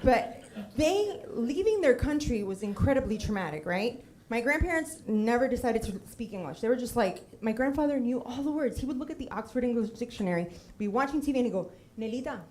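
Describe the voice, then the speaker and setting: A middle-aged Puerto Rican woman gives a personal storytelling talk on stage with slides, humorous and lively, often drifting into tangents and acted quotes. Her voice is on the high side and brisk, with hardly any pauses.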